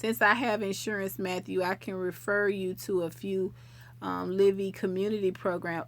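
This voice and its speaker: A woman's voice: medium pitch, fairly even intonation, moderate pace. A middle-aged woman hosting a live stream, chatting casually with viewers in a talkative, folksy way. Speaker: livestream host.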